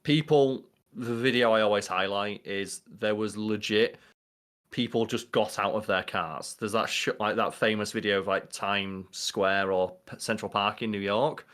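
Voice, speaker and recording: A man co-hosting a casual podcast, telling animated stories and swearing offhand. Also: lowish voice, normal speed. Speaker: podcast co-host. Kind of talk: casual chat.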